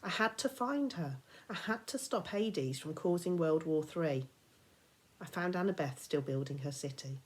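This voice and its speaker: A woman teacher reading a children's novel aloud, expressive and dramatic, sometimes dropping to a whisper. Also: sits low, normal speed. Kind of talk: storybook read-aloud.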